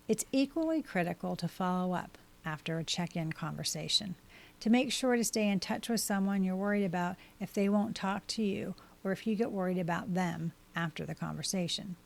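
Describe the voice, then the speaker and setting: A woman hosting a podcast, reading scripted advice in a steady, measured way as she works through a list of tips. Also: mid-range voice, vocal fry. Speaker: podcast host and life coach.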